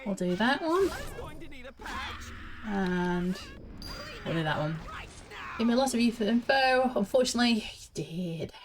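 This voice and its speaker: A woman's voice: mid-range voice, expressive, a little slow, long pauses, background noise. A woman streamer casually thinking aloud and giggling as she plays through a game quest. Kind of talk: casual gameplay commentary.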